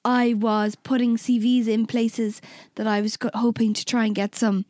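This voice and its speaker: A woman's voice: a little high, flat delivery, moderate pace, a little mellow, no room sound, studio quality. Candid young woman telling a story. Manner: candid, swears freely, acts out quoted exchanges. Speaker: podcast co-host. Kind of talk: casual chat, personal storytelling.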